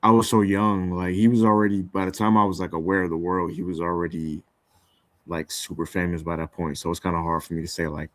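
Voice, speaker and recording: A young man with a very low voice talks loosely in a dry, close recording. He rambles through his thoughts with plenty of fillers and restarts, in an easygoing podcast chat. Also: little pitch movement, fairly quick, a bit bright, no room sound. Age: young adult. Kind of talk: casual chat.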